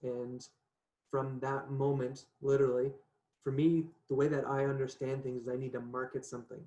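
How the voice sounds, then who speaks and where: Male guest, mid pitch, animated casual storyteller, echoey video call audio. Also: normal speed, highs cut off. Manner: chatty, animated, laughs often, says "right?" a lot. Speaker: podcast guest. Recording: echoey room.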